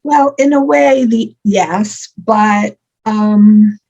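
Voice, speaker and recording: An older woman with a husky, slightly breathy voice talks through a relaxed interview. Her stories wander warmly, full of ums and small laughs. The sound is muffled, like a lo-fi remote call. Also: mid-range voice, extremely slow. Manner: warm storytelling with frequent ums and laughs. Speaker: author and interview guest. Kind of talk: conversational interview.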